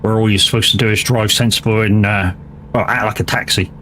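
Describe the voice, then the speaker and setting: An English gaming streamer chats casually while livestreaming a driving game, his voice on the low side with fairly even intonation and a fairly quick pace. The tone is pushed and bright, there's slight background noise, and he rambles chattily, swearing freely.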